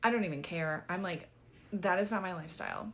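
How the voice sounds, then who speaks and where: Woman vlogger, lowish voice, chatty exasperated storytime, faint background hum. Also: fairly quick. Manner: chatty and exasperated, with frequent "like" and casual swearing. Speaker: vlogger telling a dating story. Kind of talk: casual storytime monologue.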